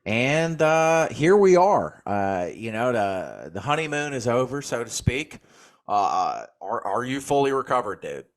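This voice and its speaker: A man's voice: medium pitch, big pitch swings, measured pace. A man, co-hosting a podcast and telling a rambling, profane story in casual chat. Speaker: podcast co-host.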